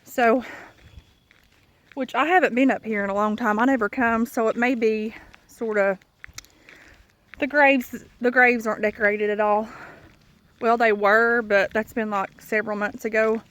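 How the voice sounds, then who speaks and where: A woman talks to her viewers as she walks a country road outdoors. Her voice sits a little high, and she is audibly out of breath as she rambles on in a chatty, confiding way, holding her phone camera. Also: fairly even intonation, measured pace, pauses often, a bit bright. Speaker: vlogger. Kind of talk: casual chat while walking.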